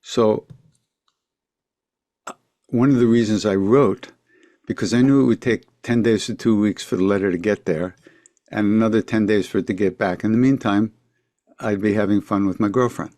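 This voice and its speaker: An older man, telling a story as a podcast guest, reflective, with quiet asides trailing off. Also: fairly low pitch, fairly even intonation, normal speed, pauses often, no echo. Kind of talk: storytelling in a conversation.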